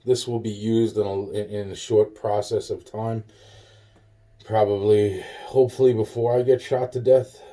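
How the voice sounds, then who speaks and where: A man's voice: on the low side, level tone, normal speed, dark tone. A drunk, tired man rambling profanely into a camera in his kitchen, full of restarts and fillers. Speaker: vlogger. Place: home kitchen, indoors.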